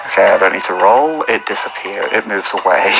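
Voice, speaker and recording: A man running a tabletop game as game master, animated and often breaking into laughter, with music behind. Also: deep voice, fairly quick, vocal fry, muffled recording. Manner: giggly, animated, often laughing between lines. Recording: music playing in background.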